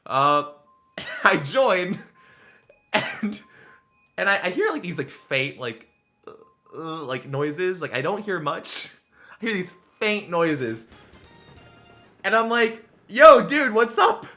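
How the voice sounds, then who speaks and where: A man's voice: high voice, takes it slowly, long pauses, soft background music. A man in his twenties, a streamer telling stories in a rambling, casual way full of fillers while he plays a game. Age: 20s. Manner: rambling, filler-heavy, animated. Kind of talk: casual storytelling while gaming.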